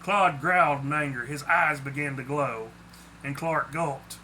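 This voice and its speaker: A man's voice: a little high, unhurried, bright, forceful tone, a little hiss or hum, low-quality recording. A man reading aloud his own short story, with small slips. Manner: plainly spoken with small slips. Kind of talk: storybook narration.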